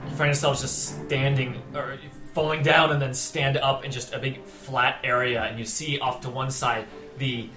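A man's voice: medium pitch, little pitch movement, normal speed, few pauses, over music. A man narrating a tabletop game as game master, describing scenes with many fillers. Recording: echoey room.

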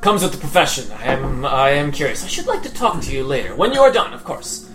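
Man playing a polite old-order lore master, slow and measured, music under. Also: a little high, very animated, a bit bright. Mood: earnest. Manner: measured, hesitant speech with many pauses. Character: formal, courteous male lore master of an order.

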